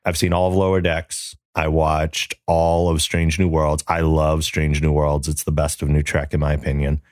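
A man co-hosting a podcast, chatting casually with a deep radio-style voice. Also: monotone, normal speed, dry recording, clean studio sound. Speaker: podcast co-host. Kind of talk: casual chat.

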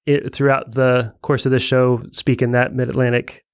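A man's voice: mid-range voice, flat delivery, moderate pace, clean tone, no echo, clean studio sound. A man co-hosting a casual film discussion, adding chatty asides.

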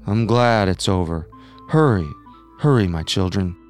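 A man's voice: sits low, animated, a little slow, soft background music. A man acting out a middle-aged cult leader in a dramatized reenactment, preaching and pleading with his followers in a repetitive, sermon-like way. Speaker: voice actor in a reenactment. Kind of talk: dramatized reenactment of recorded speech.

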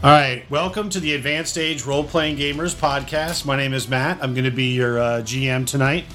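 A man's voice: medium pitch, moderate pace, over music. Easygoing man hosting as game master. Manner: relaxed, laughs easily, casual hosting. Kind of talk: casual chat while hosting a tabletop game.

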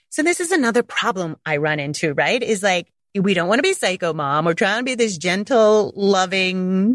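A woman's voice: moderate pace, few pauses, dry recording, studio quality. A woman podcast host coaching parents in a casual monologue, acting out quoted voices with big jumps. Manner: animated, acts out quotes with big pitch jumps.

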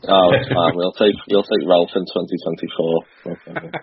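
A man appearing as a guest on a football podcast, relaxed and halting with many ums. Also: low voice, creaky. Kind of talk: casual podcast chat. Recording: dry, dull lo-fi call audio.

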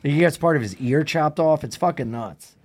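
A man co-hosting a comedy podcast, telling stories with excitement and cursing freely in casual chat. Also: a little high, moderate pace. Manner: excitable storyteller, swears freely. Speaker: podcast co-host.

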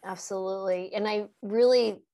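A woman doctor hosting an interview, telling stories about patients in an animated way and laughing easily. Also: mid-range voice, normal speed, creaky. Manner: animated storyteller, laughs often. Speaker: host and doctor. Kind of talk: conversational interview.

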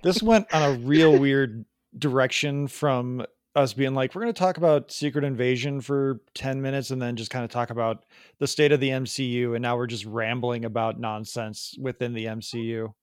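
A man's voice: medium pitch, fairly even intonation, normal speed, dry recording. Man, podcast co-host, loose joking banter, dry close sound. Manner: rambling, joking. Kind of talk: casual chat.

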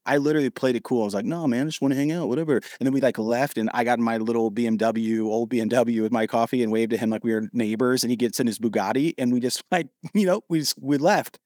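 Podcast guest, man in his thirties from Ohio; quick, animated storyteller, dry recording. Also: medium pitch, no room sound. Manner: animated, acts out quoted dialogue.

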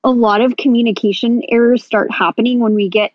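A woman's voice: fairly high pitch, steady tone, a little fast, no room sound. A woman co-hosting the room, reflecting encouragingly on a guest's answer before passing to the next question. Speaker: co-host. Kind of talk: casual chat on a live audio room. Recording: dull dry lo-fi sound.

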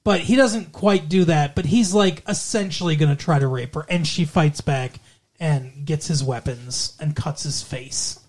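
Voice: medium pitch, a little slow, a little mellow. Rambling, foul-mouthed podcast co-host. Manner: rambling, swears freely, acts out characters' lines. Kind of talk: casual movie discussion.

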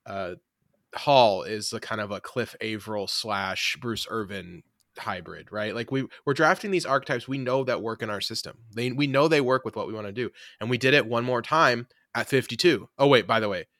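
Male co-host, casual sports chat, bright voice, upbeat and chatty. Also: medium pitch, dry recording, clean studio sound. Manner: animated, laughs often, quick asides. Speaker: podcast co-host.

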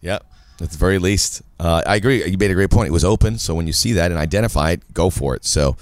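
This man co-hosts a casual sports podcast in a fairly low voice, joking around and talking animatedly with quick asides. He sounds dry and close, with no room around him. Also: no room sound. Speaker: podcast co-host.

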